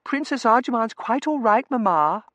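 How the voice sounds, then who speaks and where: A man's voice: very high-pitched, lively intonation, normal speed, a bit bright, dry recording, pitched above the performer's own voice. A man voicing a gushing young Victorian woman who coos and dotes. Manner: cooing, doting.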